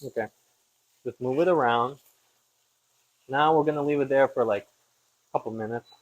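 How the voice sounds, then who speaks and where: A man's voice: medium pitch, normal speed. A young man hosting a podcast, chatting casually and rambling with self-deprecating asides while he cooks in a home kitchen. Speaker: podcast host. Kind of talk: casual chat while cooking. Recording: slightly dull lo-fi audio.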